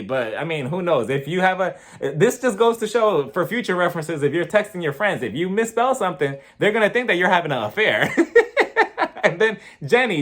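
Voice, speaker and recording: A man's voice: a little high, fairly bright tone. A man chatting casually as he recaps a reality TV episode, gossipy and profane, breaking into laughter. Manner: gossipy, chatty, swears freely, laughs often.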